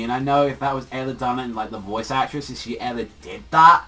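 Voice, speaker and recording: A man's voice: mid-range voice, fairly even intonation, a little fast, hardly any pauses, sharp tone. A young man casually reviewing a manga chapter, rambling through fillers and swearing freely as he gushes. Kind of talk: casual spoken video review. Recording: far from the mic, faint music behind.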